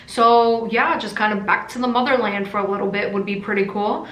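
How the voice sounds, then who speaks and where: A woman's voice: mid-range voice, steady tone, a little fast, a bit bright. A woman from Russia who runs a crystal shop, chatting casually and rambling a bit while answering viewer questions in a vlog; she tends to mumble. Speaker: crystal shop owner and vlogger. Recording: roomy echo.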